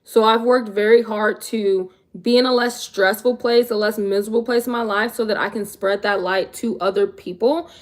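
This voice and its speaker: A woman's voice: medium pitch, fairly even intonation, moderate pace, hardly any pauses. A young woman in her twenties chatting casually on a livestream, answering viewers in a laid-back, slangy way. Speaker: vlogger answering live chat.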